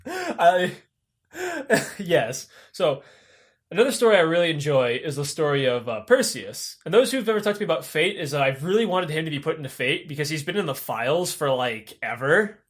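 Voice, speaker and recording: Young dude with a high voice telling myths, swears a ton, super animated, laughs a lot. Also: male voice, moderate pace. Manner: profane, animated, laughs often. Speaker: podcast host. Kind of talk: comedic casual storytelling.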